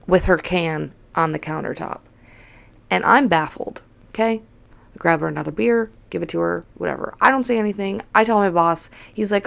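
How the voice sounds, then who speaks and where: A young woman recounts a story in a casual, animated way, acting out what others said and swearing often. Her voice sits low, with a heavy gravelly fry running through it. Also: a little fast. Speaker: podcast host.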